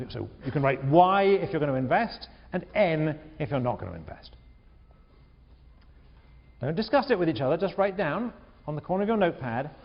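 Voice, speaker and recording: Male lecturer, high lively voice, echoey lo-fi hall recording. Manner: animated, repeats words, questions the class. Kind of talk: university lecture. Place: large lecture hall with balcony. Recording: echoey hall, dull lo-fi sound.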